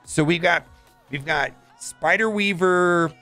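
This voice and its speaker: A man's voice: high-pitched, slow pace, pushed and bright, faint music behind. Chatty man commenting on his gameplay. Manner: chatty, thinks aloud, many "all right"s. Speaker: mobile game streamer.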